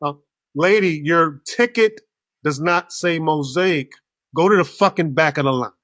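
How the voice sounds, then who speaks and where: A man's voice: fairly high pitch, measured pace, a bit bright, no echo, studio quality. A man voicing an exasperated female gate agent who scolds a passenger and curses as she orders her to the back of the line. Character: fed-up profane female airline gate agent.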